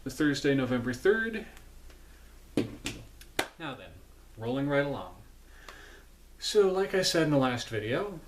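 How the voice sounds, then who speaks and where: A man's voice: mid-range voice, a little hiss or hum. Sleepy, rambling male vlogger. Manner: rambling, self-correcting, chatty asides. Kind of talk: casual film recap. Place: home.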